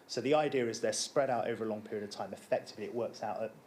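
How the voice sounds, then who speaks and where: A man explaining his licensing application at a council hearing, measured and often repeating words as he starts a sentence. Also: fairly low pitch, darkish tone, slight background noise.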